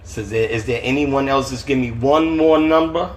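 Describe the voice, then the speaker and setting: A man's voice: medium pitch, a little fast. Casual slangy man reading on a livestream. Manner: casual, slangy, chuckling often. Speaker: author reading his novel. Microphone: phone livestream.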